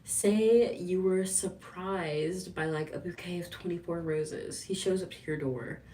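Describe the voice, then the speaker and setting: Casual livestream vlogger: woman with a lowish voice, talking a little off mic with faint room hiss. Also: unhurried, distant mic. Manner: chatty, animated, laughs often, acts out voices in quotes. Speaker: lifestyle vlogger.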